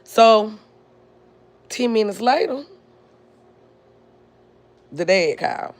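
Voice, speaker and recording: A woman's voice: mid-range voice, lively intonation. A woman hosting a podcast, telling a personal family story in a blunt, indignant way. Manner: blunt, indignant, drawn-out delivery. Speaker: podcast host.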